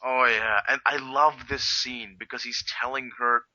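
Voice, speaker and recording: A man with a very bright, sharp voice rambles through a casual game review chat, piling up filler words as he goes. The recording is dry and close, with a dull, lo-fi edge. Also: medium pitch, steady tone, normal speed, dry recording. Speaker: co-host.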